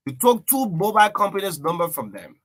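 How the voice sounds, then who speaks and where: A male breakfast-show host chats loosely about current events, drifting between points and dropping in "yeah" and "man". His voice sits a little on the high side. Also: sing-song, brisk, a bit bright. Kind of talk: casual political talk.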